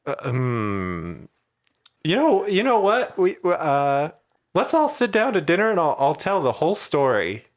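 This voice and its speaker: A man speaks as a player in a tabletop role-playing game. His voice is lively and swings up and down as he hesitates over his words. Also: a little high, a little slow. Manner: animated, hesitant speech.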